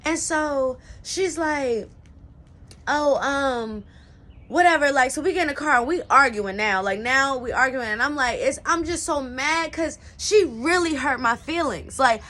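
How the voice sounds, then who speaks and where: A woman's voice: high-pitched, moderate pace, hardly any pauses, sharp tone. A young woman telling a personal story in a casual, slangy style, full of "like" and "you know what I'm saying.". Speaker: storyteller vlogger.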